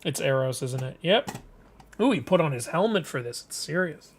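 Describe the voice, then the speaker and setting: A man hosts a live webcomic reading, chatting casually, joking about the story and laughing often. His voice is on the high side with a breathy edge, animated and at a moderate pace, in the style of casual live-stream commentary.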